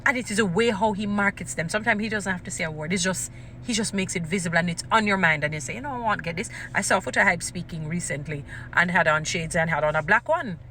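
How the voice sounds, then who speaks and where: A woman giving casual commentary, animated and emphatic, repeating phrases for stress. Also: fairly low pitch, fast talker, slight background noise.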